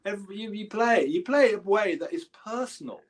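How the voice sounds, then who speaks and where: This English guest musician, in his seventies, has a high-pitched, expressive voice and talks fairly quickly. He chats loosely in the interview, telling digressive stories with many restarts.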